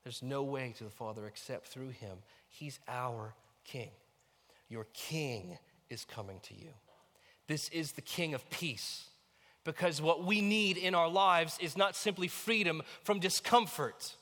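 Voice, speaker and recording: A man preaching a sermon as a pastor, animated, swinging between quiet asides and loud emphatic lines. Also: a little high, a little slow, long reverb tail. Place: church sanctuary.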